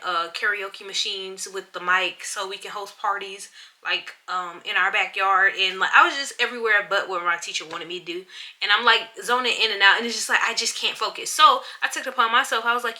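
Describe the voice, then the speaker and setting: Woman, young adult, casual chat, animated storytelling, piercingly bright voice, middle pitch. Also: fairly quick. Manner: animated, acts out other people's lines. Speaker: podcast host.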